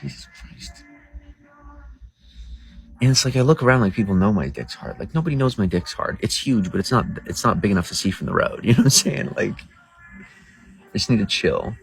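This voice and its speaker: Gravelly, low-voiced crude male streamer. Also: poor audio. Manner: crude, boastful and rambling. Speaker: livestreamer. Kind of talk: casual livestream talk to viewers. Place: outdoors by a road.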